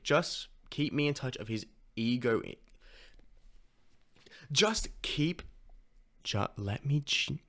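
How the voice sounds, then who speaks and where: Male reaction host, reads manga lines, excitable, sweary, casual. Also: medium pitch. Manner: swears and gasps while reacting; reads character lines in his plain voice.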